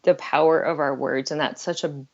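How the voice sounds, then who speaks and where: A woman's voice: low voice, steady tone, moderate pace, lo-fi sound. A middle-aged woman talking earnestly and candidly as a guest on an interview podcast, laughing now and then. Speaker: life coach guest.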